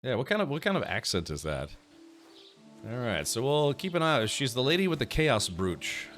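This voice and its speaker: A man's voice: mid-range voice, big pitch swings, moderate pace, a bit bright, faint music behind. A man streaming a video game, casually thinking aloud and chatting with viewers in a rambling way. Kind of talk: casual gameplay commentary.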